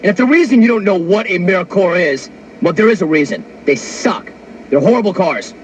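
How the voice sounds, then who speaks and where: A man's voice: high-pitched, animated, fairly quick, slightly rough, poor audio. A man hosting a talk radio show, telling a story in a brash, wisecracking monologue into a studio mic. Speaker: sports radio host.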